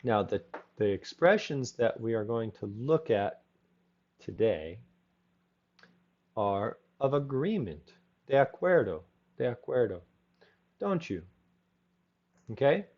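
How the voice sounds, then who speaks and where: Male English teacher, very slow and sing-song, patient repetition, dull lo-fi sound. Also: mid-range voice, sing-song. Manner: slow, repetitive drilling with brief Spanish asides. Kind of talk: live online class. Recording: dull lo-fi audio.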